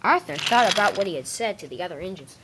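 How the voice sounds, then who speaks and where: Woman narrator, improvised toy-train tale, lively sing-song pitch, stumbles and restarts lines. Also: fast talker, very noisy. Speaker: storyteller.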